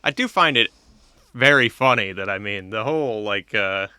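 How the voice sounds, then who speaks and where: Bright, easygoing man podcast co-host. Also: lowish voice, animated, normal speed, clear, resonant tone, no echo, clean studio sound. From New Hampshire, US. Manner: easygoing, joking, laughs a lot. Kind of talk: casual history chat.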